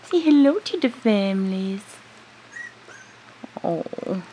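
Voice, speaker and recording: A woman's voice: medium pitch, animated, slow, dark tone, a little hiss or hum. A woman cooing to her puppies in sing-song baby talk while filming them on a home video. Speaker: dog breeder filming puppies.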